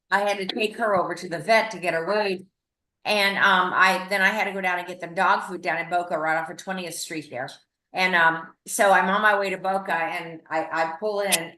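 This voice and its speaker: Older woman, chatty, lowish roomy voice. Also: bright, forceful tone. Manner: rambling, chatty, restarts often. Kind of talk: casual storytelling. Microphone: video call.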